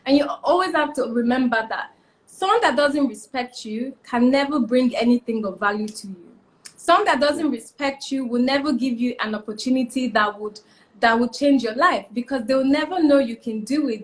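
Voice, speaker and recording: A woman's voice: sits high, normal speed. A young woman, a fashion stylist giving emphatic advice as a guest in a casual interview. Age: young adult. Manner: emphatic, repeats key points, animated.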